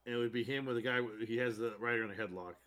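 Bright-voiced man in casual chat. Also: mid-range voice, very fast. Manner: animated, laughs while retelling scenes. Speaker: podcast co-host.

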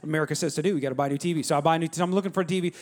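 High, fast-talking male pastor. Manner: energetic, storytelling, keeps urging the crowd. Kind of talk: sermon with call-and-response. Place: church.

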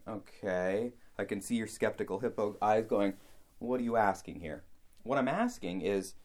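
A man vlogging a casual monologue, musing aloud in a rambling, animated way. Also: mid-range voice.

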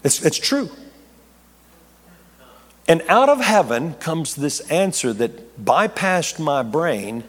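Animated male preacher in a reverberant hall. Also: on the high side, slow pace, pauses often. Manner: animated, rambling with repeated restarts, jokey asides. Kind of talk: storytelling sermon. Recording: long reverb of a large hall.

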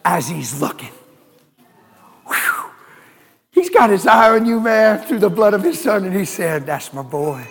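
A man preaching a sermon, animated, with shouted exclamations and laughing asides. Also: sits high, unhurried, long pauses, slightly rough, in a large hall.

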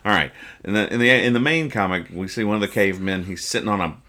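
A man's voice: lowish voice, fast talker, pushed and bright. A man hosting a podcast, casually reading comic strips aloud, joking, rambling and explaining each joke. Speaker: podcast host.

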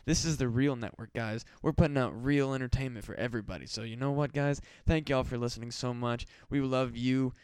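A man's voice: medium pitch, fairly even intonation, a little fast, few pauses, a little mellow, clear, resonant tone, no room sound. A man hosting a solo podcast, rambling and swearing with mock-desperate pleading. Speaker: podcast host. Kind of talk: casual solo podcast rant.

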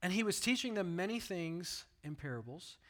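A man with a bright, slightly high voice, preaching in an animated way. He tells the story the way he would talk, swings between loud and hushed, and voices the people in it. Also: moderate pace. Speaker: pastor. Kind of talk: sermon.

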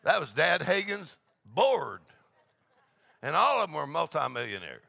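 A man from the preaching a charismatic sermon, shouting with joy and breaking into laughter. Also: on the high side, big pitch swings, measured pace, vocal fry, dry recording. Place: church meeting.

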